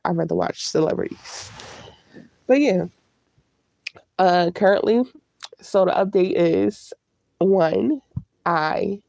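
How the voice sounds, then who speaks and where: Here a female YouTuber, congested with a cold, welcomes live viewers and chats candidly. Her gravelly voice sits on the low side and has a slightly mellow quality, captured in a dry recording.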